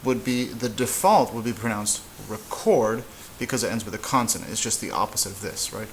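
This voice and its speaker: A man teaching a casual whiteboard lesson, relaxed and halting, with frequent fillers and restarts. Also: on the low side, slight background noise, poor audio. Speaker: Spanish teacher.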